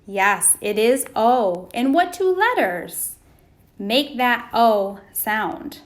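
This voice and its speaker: A woman teaching a phonics lesson to young children, pausing for answers and praising them. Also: fairly high pitch, big pitch swings. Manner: slow, patient, prompting pauses for answers.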